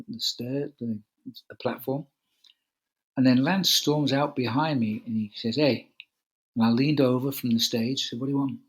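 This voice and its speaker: An older man with a husky, slightly breathy voice tells a story at an easy, chatty pace. He acts out the lines he quotes, speaking into a video call. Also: mid-range voice, poor audio. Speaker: guest, cycling commentator. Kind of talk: relaxed anecdotal storytelling.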